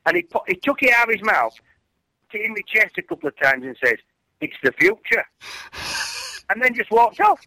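A man's voice: sits high, fast talker, no room sound, rough recording. A man, a former racer, chatting casually and telling stories with lots of restarts. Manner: animated storyteller, many restarts. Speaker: former racer and commentator guest. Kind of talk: casual chat.

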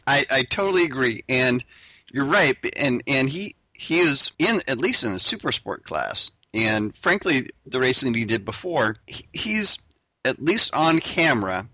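A man's voice: medium pitch, big pitch swings, a little slow, bright, forceful tone, dry recording. A man hosting a racing podcast, talking casually and rambling with many fillers. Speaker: podcast host. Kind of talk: casual chat.

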